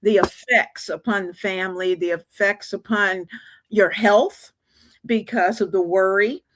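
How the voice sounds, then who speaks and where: Older lady hosting a live chat, gentle and rambly, dry sound. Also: medium pitch, steady tone, measured pace, dry recording. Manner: gentle, rambling with many fillers. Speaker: show host. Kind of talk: casual livestream chat.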